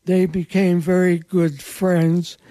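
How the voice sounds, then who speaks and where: A woman's voice: on the low side, little pitch movement, slow pace, dark tone, no echo. An older woman recalling the past in an interview, earnest and emphatic. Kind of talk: reminiscing interview.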